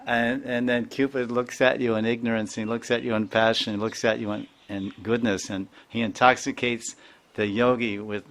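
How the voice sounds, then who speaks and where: A man giving a devotional lecture as a spiritual teacher, chanting verses and imitating sounds in a playful, animated way. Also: fairly low pitch. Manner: animated, playful, mimics sounds and voices, chuckles often.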